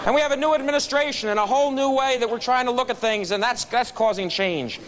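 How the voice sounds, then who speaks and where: A man's voice: extremely high pitch, fast talker, a bit bright, a little hiss or hum. A man giving a humorous motivational speech to a club meeting, telling stories with punchlines. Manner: storytelling with punchlines. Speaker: guest speaker at a club meeting. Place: meeting room.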